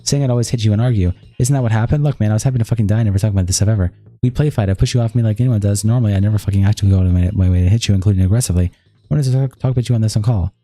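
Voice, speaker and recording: Rapid low-voiced man reading texts aloud. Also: dark tone, no echo, faint music behind. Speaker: streamer. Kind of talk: reading a text-message exchange aloud.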